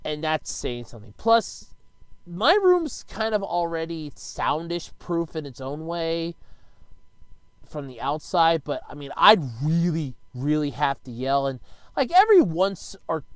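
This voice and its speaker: A man casually rambling in a home video, swearing freely and now and then bursting out loud, speaking close to a desk microphone in his bedroom. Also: fairly high pitch, big pitch swings, unhurried, clean tone, dry recording. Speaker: YouTuber answering viewer questions.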